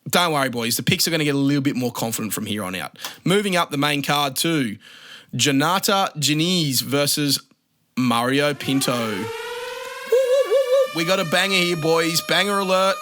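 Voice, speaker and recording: A man's voice: a little high, expressive, normal speed, noisy background. A young Australian man hosting a casual fight-prediction show, talking in a blunt, sweary, joking way. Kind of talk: casual solo commentary.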